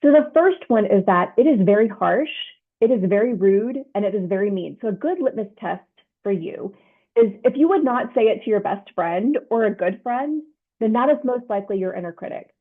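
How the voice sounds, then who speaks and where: A woman's voice: medium pitch, expressive, moderate pace. A woman leadership coach giving an instructional self-help talk, explaining step by step and often checking in with "right?". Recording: tinny phone-like sound.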